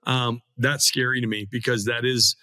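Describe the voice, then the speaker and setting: A middle-aged man speaks as a guest in a casual interview, earnest and stumbling over restarts. His voice is bright and taut. The sound is dry and close. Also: mid-range voice, level tone, dry recording. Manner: earnest, halting with repeated restarts. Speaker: guest, hunter.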